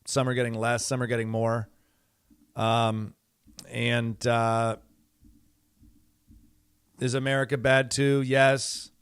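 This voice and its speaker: A man's voice: medium pitch, little pitch movement, takes it slowly, long pauses, clear, resonant tone, dry recording. Exasperated male podcast host, dry close mic. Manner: rambling, exasperated, many fillers and restarts. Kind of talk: casual monologue.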